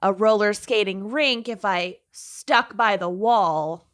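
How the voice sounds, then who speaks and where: A woman's voice: mid-range voice, takes it slowly, fairly bright tone. A woman co-hosting a true crime podcast in casual, self-deprecating chat. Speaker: podcast co-host.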